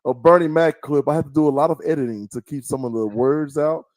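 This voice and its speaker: A man's voice: a little high, steady tone, fast, darkish tone, no room sound. A middle-aged man from the who hosts a podcast in a casual chatty way, telling stories and mimicking voices. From American South. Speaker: podcast host. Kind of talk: casual chat. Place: small podcast studio.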